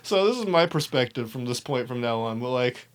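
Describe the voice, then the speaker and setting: A young man telling a story in a casual, animated way, swearing often and laughing as he talks. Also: mid-range voice, brisk, clear, resonant tone. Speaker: podcast host.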